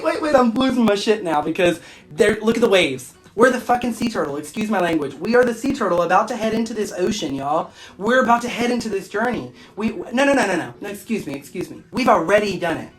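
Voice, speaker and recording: A woman hosting a casual phone livestream, bubbly and laughing often as she reacts to viewer comments. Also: fairly low pitch. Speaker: livestream host and spiritual shop owner.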